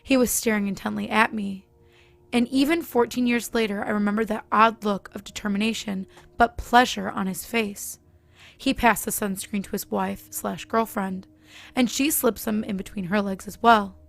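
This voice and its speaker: Gravelly woman reading a horror story. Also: medium pitch, fairly even intonation, normal speed. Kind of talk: scripted narration.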